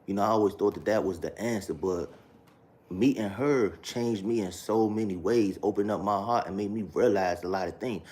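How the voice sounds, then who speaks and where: Low-voiced man telling his story slowly. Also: a little mellow. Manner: slow, halting, repetitive, street slang. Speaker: vlogger sharing his testimony. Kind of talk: casual spoken testimony.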